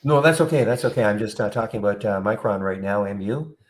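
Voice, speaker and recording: A man with a somewhat low voice gives relaxed live commentary on a stock. He pauses often and fills the gaps with small fillers, speaking in an easygoing, unhurried way. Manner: relaxed, hesitant with many fillers.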